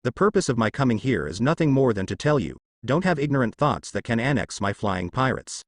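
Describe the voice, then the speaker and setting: A man's synthetic voice playing a calm, cold young swordsman speaking in a measured way. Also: mid-range voice, no room sound, clean studio sound.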